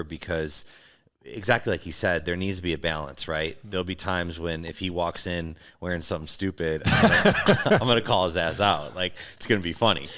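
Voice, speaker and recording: A man's voice: sits low, fairly bright tone. A man co-hosting a podcast in easygoing casual chat, often chiming in with short agreements. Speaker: podcast co-host, fighter.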